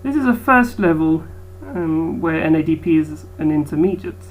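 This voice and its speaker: A woman's voice: low voice, expressive, normal speed, narrow, tinny audio. A woman biology teacher giving a recorded lecture, hesitant with frequent ums.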